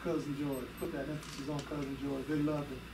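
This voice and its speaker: A man giving a eulogy for his cousin, gentle and halting, pausing often. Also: medium pitch, flat delivery, gravelly. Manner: gentle, halting with many pauses. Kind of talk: memorial speech. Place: memorial service hall. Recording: echoey hall, distant mic, noisy.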